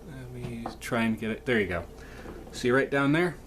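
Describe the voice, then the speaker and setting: A man hosting a hands-on repair tutorial, explaining each step in a relaxed, folksy way. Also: medium pitch, moderate pace, slight background noise. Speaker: toy repair host and ventriloquist.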